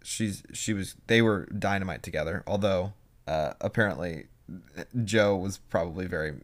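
A young man co-hosting a podcast, chatting casually and telling animated stories with quoted asides. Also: low voice, moderate pace. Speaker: podcast co-host. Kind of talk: casual chat.

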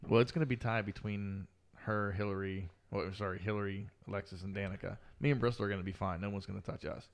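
A man's voice: on the low side, steady tone, quick pace, few pauses. A man chatting casually with a dry, teasing manner. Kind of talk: casual chat.

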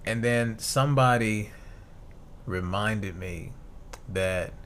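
Deep-voiced man hosting a casual podcast. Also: takes it slowly, a bit bright, slight background noise. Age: 30s. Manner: casual and reflective, reads notes aloud with fillers and restarts. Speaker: podcast host. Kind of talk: solo podcast monologue.

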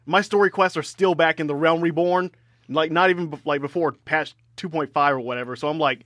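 A man's voice: on the high side, a little fast, a bit bright, no echo. A man co-hosting a podcast, chatting casually and telling a rambling story full of fillers. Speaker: podcast co-host. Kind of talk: casual chat.

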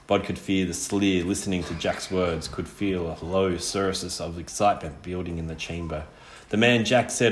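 A man narrating an audiobook in a measured, dramatic way. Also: low voice, steady tone. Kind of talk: audiobook reading. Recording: roomy echo.

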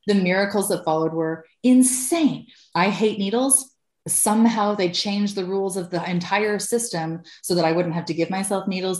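A woman's voice: lowish voice, a little mellow, echoey room. A woman in her thirties, a podcast guest, telling her own story candidly, swearing freely and laughing often.

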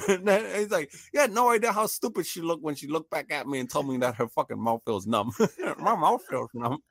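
A man's voice: a little high, fairly quick, creaky, no echo, studio quality. A man telling a funny story in casual chat, laughing often and acting out the voices of the people in it.

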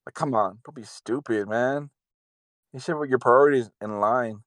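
A man's voice: mid-range voice, moderate pace, a bit bright, no echo. A man from California ranting in casual, heavily profane chat over a video call. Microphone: video call over the internet.

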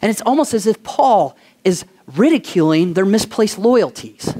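A pastor preaching a sermon, asking the congregation questions for call-and-response and telling stories with animation. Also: male voice, sits high, normal speed. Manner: animated storytelling.

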